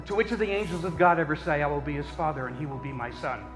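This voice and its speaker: Man, sermon, high-pitched voice, dramatic loud and low swings, repeats words, long reverb. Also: expressive, quick pace, over music. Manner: dramatic swings between loud emphatic peaks and low intense asides; repeats words and restarts phrases. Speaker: preacher.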